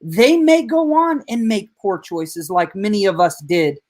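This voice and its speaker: A middle-aged woman, an educator hosting a podcast, telling heartfelt stories in an animated way. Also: mid-range voice, a little slow. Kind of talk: podcast conversation.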